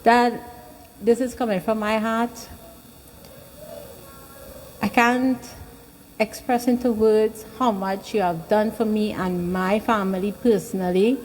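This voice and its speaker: A woman giving a heartfelt birthday tribute to her father at a temple gathering, halting and nervous. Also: medium pitch, fairly even intonation, darkish tone, a little hiss or hum, low-quality recording. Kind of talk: emotional speech at a temple gathering. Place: temple hall.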